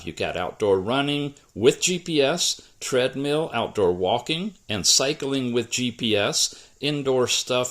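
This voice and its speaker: A man reviewing a smartwatch in a casual, conversational walkthrough, explaining features as he demonstrates them. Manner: casual, conversational, lively pitch. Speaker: tech reviewer. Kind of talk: product walkthrough narration.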